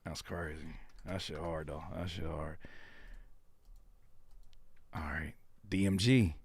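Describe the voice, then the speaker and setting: Hoarse, gravelly man hosting a live stream. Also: a bass voice, fairly even intonation, takes it slowly, background noise. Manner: loose, playful, slangy, breaks into sung bits. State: hoarse, voice worn by allergies. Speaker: host reacting to submitted music. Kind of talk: live-stream music reaction, casual.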